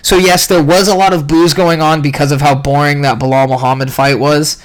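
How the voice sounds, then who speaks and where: A young man ranting casually about a fight event, profane and rambling, clearly irritated. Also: fairly high pitch, little pitch movement, a little fast. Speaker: podcast host recapping a fight event.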